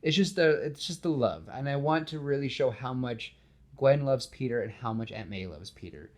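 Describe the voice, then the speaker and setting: A man hosting a podcast, casually pitching a film scene with animated storytelling and lots of fillers. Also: normal speed. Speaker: podcast host.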